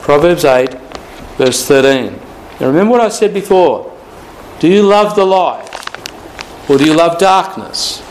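Slow, deliberate male preacher. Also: a little high, animated, a little hiss or hum, low-quality recording. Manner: slow and deliberate, repeating key phrases, stretching scripture quotes. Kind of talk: Bible teaching sermon.

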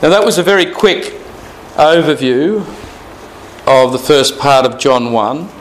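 A man's voice: fairly high pitch, a little slow, a little hiss or hum, poor audio. A man teaching through the Bible verse by verse, reading scripture aloud and stressing key words with rhetorical questions. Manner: repeats phrases, asks rhetorical questions.

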